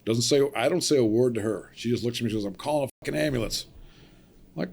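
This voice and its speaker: A man's voice: mid-range voice, fast, gravelly, darkish tone, breathy edge. A middle-aged man on a podcast telling a story casually, acting out the voices of the people in it and laughing along. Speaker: podcast guest, cable splicer.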